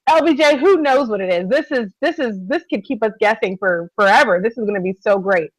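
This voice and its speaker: High-voiced, eager woman co-hosting a recap. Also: brisk, no room sound, poor audio. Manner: enthusiastic, keeps addressing her co-host. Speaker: podcast co-host. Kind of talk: casual TV recap chat.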